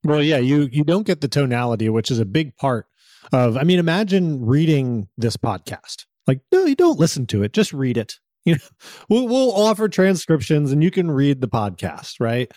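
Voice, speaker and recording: A man's voice: fairly high pitch, very animated, normal speed, darkish tone, no echo, clean studio sound. A man co-hosting a podcast in casual chat, giving firm opinions and laughing between points. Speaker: podcast co-host.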